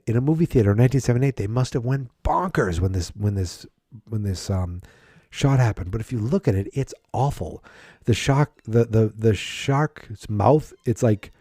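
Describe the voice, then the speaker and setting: A man's voice: mid-range voice, dark tone, dry recording, clean studio sound. A man casually recapping a film on a podcast, acting out the characters' lines in mocking voices. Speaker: podcast host.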